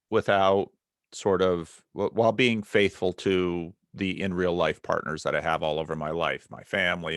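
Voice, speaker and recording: A middle-aged pastor with a very deep voice chats casually and earnestly. He often stumbles and restarts his sentences before they come out whole. The recording is dry and close, with no room sound. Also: fairly bright tone, dry recording. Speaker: pastor and video channel host. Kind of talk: casual conversation.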